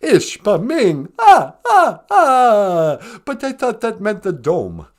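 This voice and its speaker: A man's voice: high-pitched, huge pitch swings, full character voice. A man voicing a theatrical, self-pitying male vampire count with a mock Transylvanian drawl and an "ah, ah" cackle, in a comedic call-in sketch. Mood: eager. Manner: slow, melodramatic, self-pitying.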